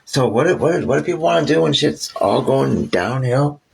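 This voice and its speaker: A man retells history casually, cracking crude jokes, laughing between points, and suddenly leaping into quoted voices with sharp jumps up in pitch. His delivery is brisk, creaky, and animated. The recording is low quality, with a slight hiss or hum.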